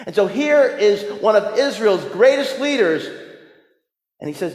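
A man preaching a sermon as pastor, telling stories with humor, rising to emphatic points and dropping soft. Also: high voice, big pitch swings, unhurried. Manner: storytelling with humor, emphatic rises and soft drops. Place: church sanctuary. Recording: roomy church with long reverb.

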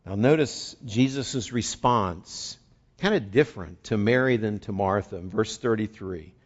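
A middle-aged male pastor preaching a conversational sermon, shifting from quiet reflection to fervent emphasis. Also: on the low side, a little slow, highs cut off.

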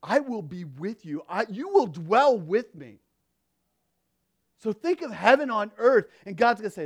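A man preaching a sermon, quoting scripture and moving between loud, emphatic lines and quiet, hushed ones. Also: high voice, very animated, a little slow, breathy edge. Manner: stumbles and restarts between quoted verses. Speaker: pastor.

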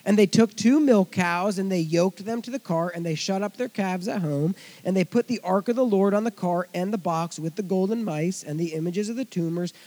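A male pastor teaching through a Bible passage in an animated sermon voice that runs high for a man. He mixes scripture reading with chatty asides to the congregation, rising to loud emphasis and dropping to quiet remarks. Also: normal speed, few pauses.

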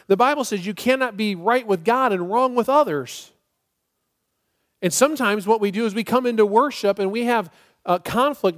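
A middle-aged male pastor preaching a sermon in a church, emphatic and swinging from loud to soft and prayerful. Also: high-pitched. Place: church sanctuary.

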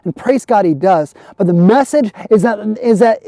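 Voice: mid-range voice, expressive, moderate pace, warm tone, no echo, studio quality. A pastor preaching an earnest sermon for an online service, building through repeated phrases.

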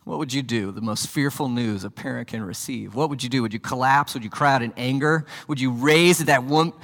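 A man's voice: medium pitch, a little fast, hardly any pauses. Preaching man, dramatic delivery, church reverb. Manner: dramatic, swings from hushed to loud and urgent. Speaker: pastor. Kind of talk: sermon. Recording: long hall reverb.

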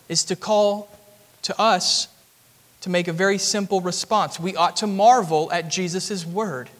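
A man's voice: sits high, fairly bright tone. A man preaching an expository sermon in a church, earnest and building to emphatic peaks. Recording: long hall reverb.

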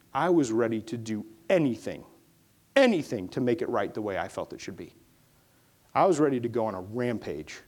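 A middle-aged male pastor telling a war story in a conversational sermon, building to impassioned preaching. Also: medium pitch.

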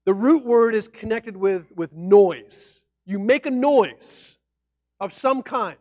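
Man, pastor, sermon, animated delivery, dry close sound, muffled. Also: sits high, slow pace, no room sound. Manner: animated, acts out shouting fans and mock-formal speech.

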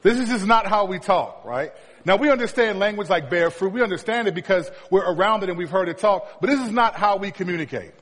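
A male pastor delivers a sermon in a somewhat husky voice that sits a little high. He mixes storytelling with light humor for the congregation. A long reverb trails his words through the hall. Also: expressive, a little fast, fairly bright tone.

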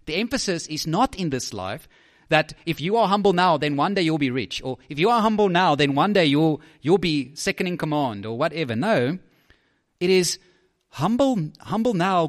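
A man preaching a sermon, lively and emphatic, often repeating words and asking "right?". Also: on the high side.

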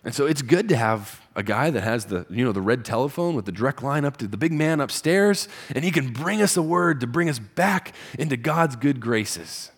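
A man preaching a conversational sermon as pastor, rising in pitch and volume for emphasis. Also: animated, moderate pace, hardly any pauses, husky.

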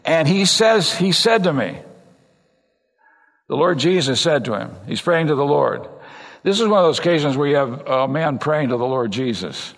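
An older man from California preaching a sermon as a pastor, talking conversationally and swinging between emphatic high points and low, quiet asides. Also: animated, normal speed, creaky. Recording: long reverb of a large hall.

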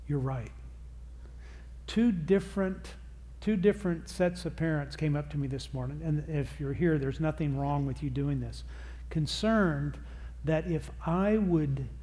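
In a church or seminar hall, a middle-aged man addresses a live audience about parenting. His voice is on the high side with a dark tone, and his talk is conversational and self-deprecating, with quotes he acts out.

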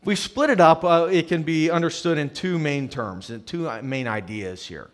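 A man preaching a conversational sermon speaks at a moderate pace in a voice on the high side. He shifts from loud, emphatic passages to quiet, hushed ones and regularly repeats words as a phrase begins.

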